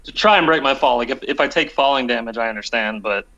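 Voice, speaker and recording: A man playing in a tabletop game, eager and quick, tripping over his words. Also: mid-range voice, bright, forceful tone. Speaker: player. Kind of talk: casual tabletop game chat. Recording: dull lo-fi mic with faint noise.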